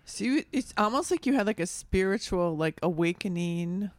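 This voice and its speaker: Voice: mid-range voice, expressive, normal speed, no room sound. An interviewer in a casual conversation, rephrasing questions with many fillers and checking understanding.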